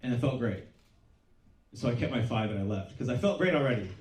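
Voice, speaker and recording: A middle-aged man doing a stand-up comedy set, deadpan and self-deprecating, swearing freely. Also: mid-range voice, a little fast, noisy background. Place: small comedy club stage. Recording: roomy club sound from a distance. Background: audience laughter.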